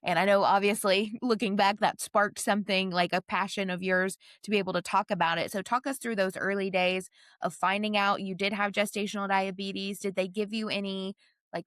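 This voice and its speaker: A woman's voice: medium pitch, fairly bright tone, no echo. A woman hosting a podcast, responding with sympathy and asking follow-up questions. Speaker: podcast host. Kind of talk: interview questions.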